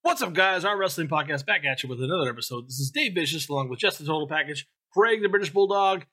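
Bright, upbeat male podcast host. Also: fairly high pitch, expressive, fast, faint music behind. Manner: upbeat, reads the show intro. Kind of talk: casual podcast chat.

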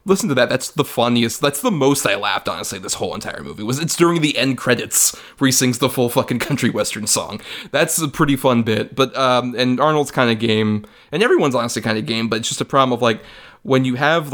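A man's voice: mid-range voice, a bit bright. Young man rambling through a film podcast. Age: young adult. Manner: rambling, many filler likes, swears casually. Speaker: podcast co-host. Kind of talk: casual film review chat.

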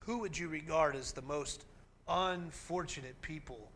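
Bright-voiced man preaching a sermon. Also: a little high, measured pace, a little hiss or hum. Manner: earnest, emphatic preaching with dramatic read-aloud passages. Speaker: pastor.

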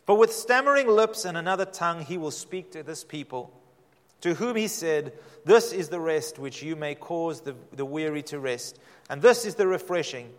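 A middle-aged man preaches a sermon, leaning hard on slow, repeated phrases and sudden swells of emphasis. His voice sits a little high for a man. It rings out with a long reverb, as in a large hall. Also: lively intonation. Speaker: pastor.

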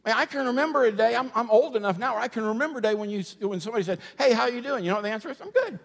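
A middle-aged man preaching a sermon, moving from humorous storytelling to quiet, earnest preaching. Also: high voice, very fast. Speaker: pastor. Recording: long hall reverb.

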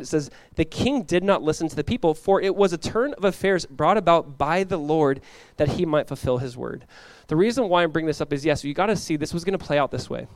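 A pastor delivers an expository sermon in a fairly high male voice, recorded without echo. He's animated, acting out the biblical characters he describes in quick voices.

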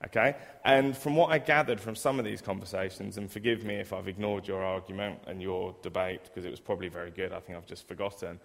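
A man's voice: deep voice, fairly even intonation, fast, vocal fry, few pauses, fairly bright tone. A man giving a sermon in a church, chatty and self-deprecating, acting out everyday scenes as examples. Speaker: preacher who works in a school. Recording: reverberant church hall.

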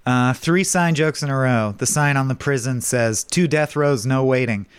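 A man co-hosting a podcast in casual chat, lively, laughing often and quoting lines in funny voices. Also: mid-range voice, normal speed, smooth, no room sound. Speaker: podcast co-host.

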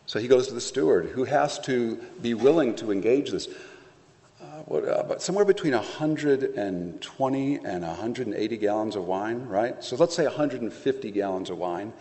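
A man's voice: medium pitch, expressive, brisk, a little mellow. Man preaching in an echoing hall. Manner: conversational, playful storytelling with acted asides. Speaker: pastor. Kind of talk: sermon.

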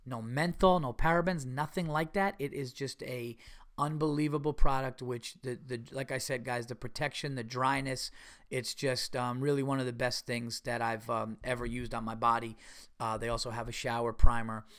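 Podcast host, male, smooth clear voice, mid pitch, loose profane rambler full of fillers. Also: fairly even intonation, normal speed, a bit bright. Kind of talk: casual solo podcast talk.

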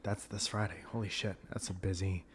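Joking low-voiced male podcast host. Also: level tone, fairly quick, slight background noise. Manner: joking, rambling, plugging tour dates. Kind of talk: casual chat.

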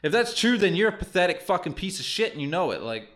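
A man's voice: sits high, fast talker. Ranting, foul-mouthed man. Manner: heavy swearing, animated ranting. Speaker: podcast co-host. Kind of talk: crude casual podcast chat.

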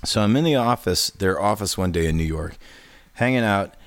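A man's voice: fairly low pitch, expressive, moderate pace, no echo. A man hosting a casual podcast, telling rambling, profane stories. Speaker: podcast host.

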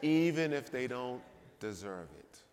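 A man preaching a sermon in a church, emphatic, swinging between loud and quiet delivery. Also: mid-range voice, lively intonation, measured pace. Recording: long reverb of a church hall.

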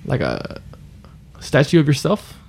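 Male podcast co-host, loose rambling delivery, slightly higher register. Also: wildly swooping pitch, unhurried, gravelly, darkish tone, slightly rough. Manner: rambling, laughs often, trails off mid-sentence. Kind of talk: casual chat.

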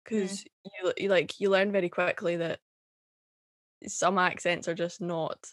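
A young woman with a Scottish accent talks as a guest in a relaxed chat. She sounds passionate and blunt, swearing freely and laughing often. Her voice is recorded close and dry. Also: fairly low pitch, a little slow, no echo. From Scotland. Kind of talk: casual podcast chat.

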